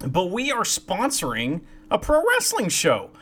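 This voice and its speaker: A man's voice: high-pitched, wildly swooping pitch, measured pace, fairly bright tone, slightly rough. A man co-hosting a podcast in casual chat, chatty and laughing, cursing now and then. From Ohio, USA. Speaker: podcast co-host.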